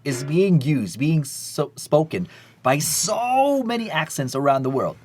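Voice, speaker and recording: A man with a Thai accent hosting a podcast interview, soft-spoken and quick to agree with his guest. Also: a little high, sing-song. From Thailand. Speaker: podcast host.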